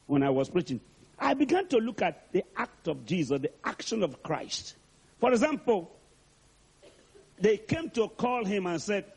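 A male preacher delivers a dramatic sermon and keeps asking the crowd to answer back. His voice is high for a man. It rises and falls a great deal and has a husky grain. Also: sing-song, unhurried. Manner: dramatic, calls for responses.

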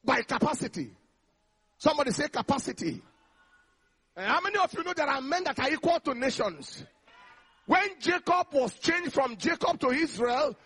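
Preacher, male, high bright husky voice, emphatic call-and-response sermon delivery. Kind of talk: energetic sermon.

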